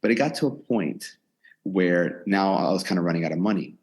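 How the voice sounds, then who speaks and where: Husky-voiced young man telling his story. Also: low voice, a little fast. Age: 20s. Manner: animated storyteller, quotes himself and others. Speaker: gym owner and personal trainer. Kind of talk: casual storytelling interview. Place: his gym in a converted storage unit.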